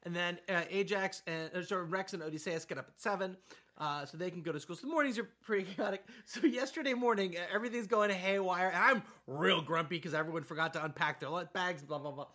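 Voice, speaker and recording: Bright-voiced man telling animated stories. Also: sits high, quick pace. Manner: animated storyteller acting out his kid. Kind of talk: casual chat.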